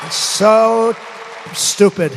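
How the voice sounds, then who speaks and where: An older man giving a rambling, boastful rally speech that flares into angry shouting. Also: high voice, extremely slow, slight background noise. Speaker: politician speaking at a rally. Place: large arena rally. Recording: echoey arena sound, faint crowd ambience.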